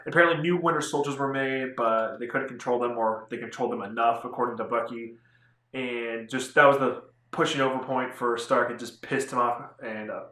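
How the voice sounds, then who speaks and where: A man's voice: mid-range voice, sharp tone. A young man giving a rambling, casual spoiler review of a movie, full of fillers and the odd swear word. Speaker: movie vlogger. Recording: echoey room.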